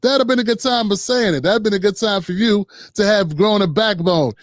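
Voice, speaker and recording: A man's voice: high voice, fairly quick, no echo, clean studio sound. A man hosting a live political commentary show, blunt and mocking, talking straight to his viewers. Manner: mocking, blunt, mimics people in put-on voices.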